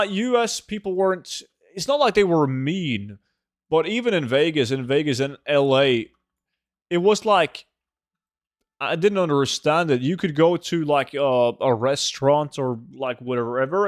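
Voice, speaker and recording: A man's voice: fairly high pitch, measured pace, no room sound, studio quality. A man from Norway with a Norwegian accent, chatting casually and loosely as a gaming streamer host, swearing and rambling. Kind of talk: casual chat while gaming.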